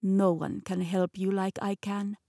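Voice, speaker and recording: Woman voicing Rasputin, thick Russian accent. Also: mid-range voice, level tone, warm tone, no echo, studio quality. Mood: persuasive. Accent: Russian (put on). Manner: smooth, coaxing, unhurried. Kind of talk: audiobook character voice.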